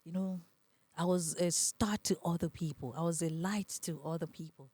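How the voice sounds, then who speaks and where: A woman's voice: lowish voice, normal speed, breathy edge, dry recording. A young adult woman with a Nigerian accent, a podcast guest telling her story in casual conversation and acting out the voices she quotes. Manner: animated, acts out quoted voices, laughs often.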